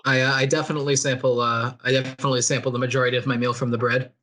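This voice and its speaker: A male tabletop player talking casually through his character's actions. His voice is bright and forward at a middle pitch. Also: level tone, racing. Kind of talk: tabletop play.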